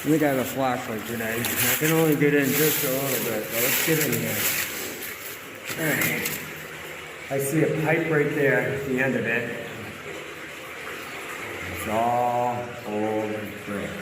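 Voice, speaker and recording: A man's voice: mid-range voice, normal speed, heavy background noise. Breathless man filming outdoors by a canal. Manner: amazed, repeats himself, talks to viewers while walking. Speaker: vlogger exploring brick ruins. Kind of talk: casual walking commentary.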